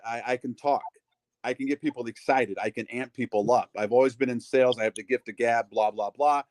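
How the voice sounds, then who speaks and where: Middle-aged male ring announcer, mid-pitched, dry close sound, gabby storyteller. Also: no echo. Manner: chatty, acts out quoted voices, lots of fillers. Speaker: wrestling ring announcer, guest. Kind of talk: casual storytelling interview.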